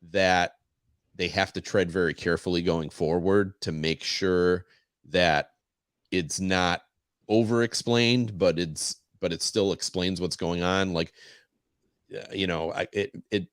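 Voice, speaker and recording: A man's voice: sits low, takes it slowly, fairly bright tone, clean tone, no echo, clean studio sound. A man co-hosting a podcast, chatting casually about a show and animatedly retelling scenes. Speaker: podcast co-host. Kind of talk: casual discussion.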